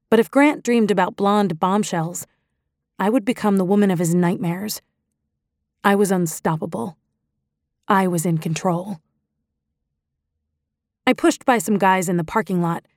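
A woman's voice: medium pitch, a little mellow, no echo, studio quality. Woman reading a first-person audiobook. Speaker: audiobook narrator. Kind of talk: first-person scripted narration.

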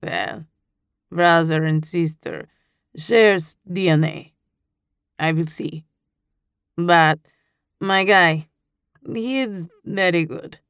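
A calm Russian man with a very low voice, put on by a woman narrator, speaking slow, halting broken English in an audiobook. His heavy Russian accent stays steady and caring. The recording is dry and close. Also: smooth, dry recording, exaggerated voice.

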